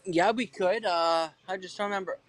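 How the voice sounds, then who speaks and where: Guy hosting a livestream, high voice, stumbles and repeats words, dry sound. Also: fairly even intonation, normal speed, a bit bright, no room sound. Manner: hesitant, repeats words, agreeable. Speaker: livestream host. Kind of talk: casual livestream chat.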